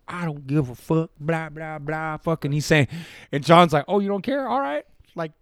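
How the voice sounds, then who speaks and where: A man's voice: on the high side, fairly bright tone, dry recording, clean studio sound. A man on a podcast telling a rambling, profane story in casual slang. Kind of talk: casual chat. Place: podcast studio.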